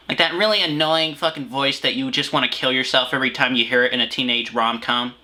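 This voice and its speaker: A man's voice: mid-range voice, brisk, hardly any pauses, pushed and bright. Crude, joking young Australian man. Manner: crude, joking, rambling with fillers. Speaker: host. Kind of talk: comedic video review commentary.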